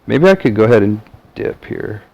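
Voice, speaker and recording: A man's voice: on the low side, lively intonation, moderate pace, gravelly, a little mellow, muffled recording. A man from the American South talking to camera in a rambling, casual monologue full of fillers and restarts. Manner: meandering, many fillers and restarts. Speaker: vlogger.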